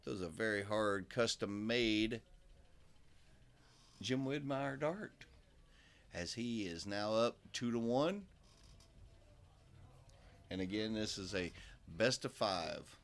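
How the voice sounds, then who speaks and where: A man commentating live on a darts match, chatty and relaxed, with many fillers and asides. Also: on the low side, slow, long pauses.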